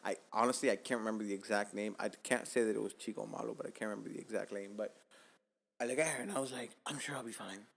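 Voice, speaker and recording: A man from Miami telling a casual, profane story as podcast host, jumping from loud bursts to hushed asides. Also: on the low side, fairly even intonation, fast, creaky, in a large hall.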